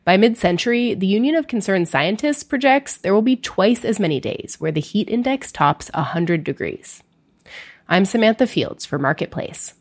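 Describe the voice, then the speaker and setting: A woman reporter delivering a news report in a measured way. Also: mid-range voice, animated.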